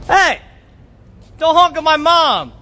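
A man streaming live, loud and excitable, cursing and joking with friends. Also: very high voice, slow. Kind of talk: rowdy livestream chat.

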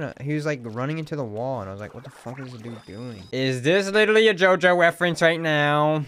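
A young man streaming a video game, reacting loudly with swearing and sudden shouts of surprise, sometimes reading game lines aloud flatly. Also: a little high, fast, hardly any pauses. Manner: reads game dialogue aloud in a flat voice.

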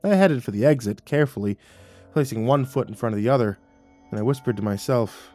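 A man reads a horror story in a mid-pitched voice, with dramatic, wry first-person delivery. Soft background music sits low under the narration. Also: a little fast.

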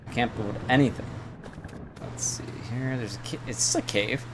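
A man's voice: medium pitch, moderate pace, noisy background. A man streaming a game, thinking aloud and chatting with his viewers in a casual way. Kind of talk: casual gameplay commentary.

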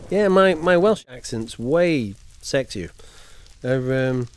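A man's voice: mid-range voice, expressive, slow. Chatty man streaming a game. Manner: chatty, reads and answers chat. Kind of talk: casual live-stream chat.

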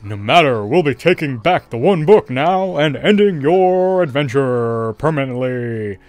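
A man's voice: medium pitch, expressive, unhurried, no room sound, lightly acted. A man voicing a scheming, villainous male duck with a strained, quacking cartoon-duck voice while reading game dialogue aloud. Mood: menacing.

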